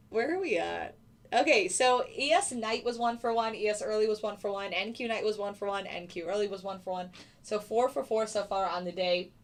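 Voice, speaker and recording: A woman hosts a live stream in a relaxed, casual way, greeting viewers by name as she talks. Her voice sits at a medium pitch. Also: a little hiss or hum. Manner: chatty, answers viewers by name. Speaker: livestream host. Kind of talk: casual livestream chat.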